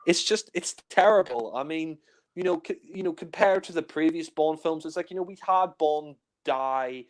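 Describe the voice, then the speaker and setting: Chatty young man, smooth voice. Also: fairly high pitch, steady tone, moderate pace. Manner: chatty, many fillers, acts out scenes in silly voices. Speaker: film reviewer. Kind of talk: casual film discussion.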